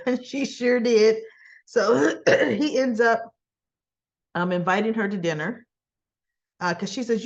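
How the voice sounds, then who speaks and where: A woman casually retelling soap opera scenes, acting out both sides of the dialogue and often clearing her throat. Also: on the high side, expressive, measured pace, lo-fi sound. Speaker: soap opera recap vlogger.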